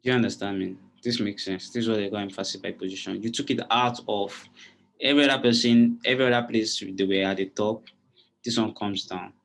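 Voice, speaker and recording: A man's voice: on the low side, steady tone, fairly quick, vocal fry, a bit bright. A man teaching a live online design class, explaining step by step and often checking whether his students understand. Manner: repeats checking questions to students. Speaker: design instructor.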